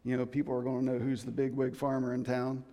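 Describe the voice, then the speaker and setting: Casting: a preacher giving a chatty, joking sermon, mellow and warm in tone. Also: male voice, mid-range voice, completely flat delivery, fast talker, big-room sound. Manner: conversational, joking, many restarts.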